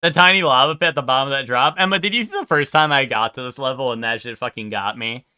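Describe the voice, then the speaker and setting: A man streaming a video game, chatting casually and rambling with chat, swearing and often jumping up in pitch when excited. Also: quick pace, faint music behind.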